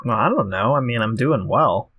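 A man's voice: mid-range voice, animated, normal speed, breathy edge, dry recording, phone-quality sound. A man co-hosting a casual podcast, bantering in a joking, mock-hurt way. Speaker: podcast co-host.

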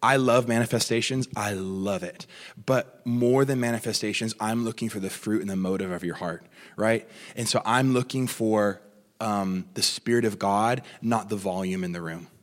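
A man preaching a sermon in a church, animated and conversational, with many restarts and asides. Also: lowish voice, moderate pace. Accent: Australian. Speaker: pastor. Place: church auditorium. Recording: long reverb of a church hall.

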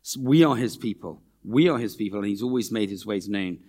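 A man preaching a sermon in a church, earnest and animated, repeating phrases and acting out quoted voices. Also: lowish voice, fairly quick.

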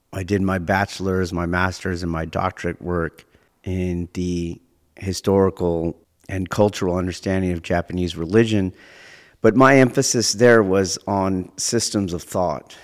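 A man with a very low voice gives a measured podcast monologue, choosing his words with care and restating each point in academic terms. His voice carries a long reverb, as if he were recorded in a large, roomy space. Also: fairly even intonation. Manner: deliberate, academic phrasing with frequent rephrasing. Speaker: martial arts teacher and podcast host.

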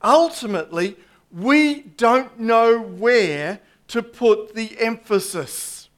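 Slow, high-voiced male preacher. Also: animated. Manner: slow, deliberate preaching with dry asides. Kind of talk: sermon. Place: church congregation.

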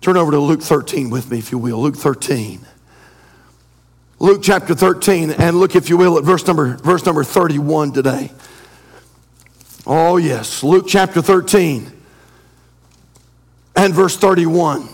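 A pastor preaching a fervent sermon, reading old-style scripture and building to shouted refrains. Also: male voice, on the high side, measured pace, long pauses, breathy edge. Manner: reads scripture in King James wording.

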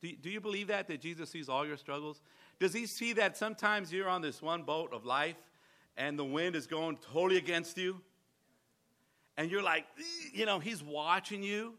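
A man's voice: fairly high pitch, moderate pace, sharp tone. A man preaching a sermon, emphatic, full of rhetorical questions and stammering restarts.

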